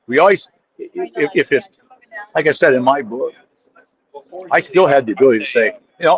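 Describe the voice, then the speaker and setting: A man's voice: medium pitch, normal speed, long pauses, lo-fi sound. A man, a podcast guest, telling stories in a casual chat, acting out quotes and restarting sentences often. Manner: animated storyteller acting out quotes, frequent restarts.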